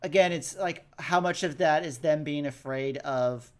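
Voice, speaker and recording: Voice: medium pitch, measured pace, smooth. A podcast co-host in casual chat, rambling with many restarts and trailing thoughts.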